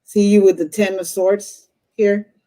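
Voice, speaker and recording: A woman's voice: medium pitch, little pitch movement, unhurried, warm tone, poor audio. A woman hosting a live stream, giving a blunt, profane tarot reading to a caller. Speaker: host, tarot reader.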